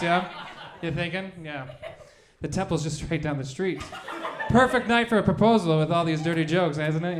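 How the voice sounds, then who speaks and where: A man hosting a comedy show, teasing the audience between acts in an upbeat way. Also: fairly high pitch. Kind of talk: emcee crowd work. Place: comedy club stage. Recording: noisy club with loud crowd. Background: audience chatter and laughter.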